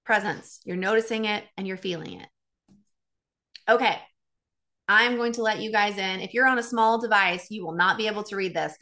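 A woman coach talks casually and candidly on her own, animatedly retelling a conversation with a friend and quoting both sides. She has a mid-range voice and a moderate pace.

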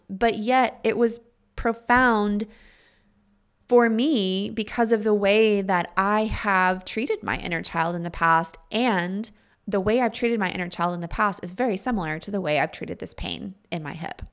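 Brief: woman, middle-aged host, earnest and confiding, gravelly fry at phrase ends, mid-pitched. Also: fairly bright tone. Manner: earnest and confiding, asks listeners direct questions. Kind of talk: reflective spoken monologue.

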